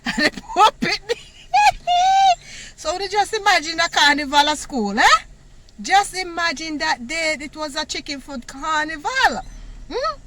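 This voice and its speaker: A woman from Jamaica with a Jamaican accent, telling a personal story in a casual, animated way, laughing often and using patois words. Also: sits high, a little hiss or hum. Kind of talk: casual story time monologue.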